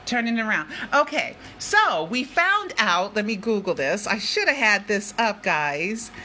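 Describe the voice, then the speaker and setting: A woman's voice: medium pitch, very animated, measured pace, bright, forceful tone, a little hiss or hum. An older woman who is a vlogger and investigative journalist, talking to her viewers in a chatty, emphatic way that circles back and repeats itself. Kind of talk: casual vlog talk.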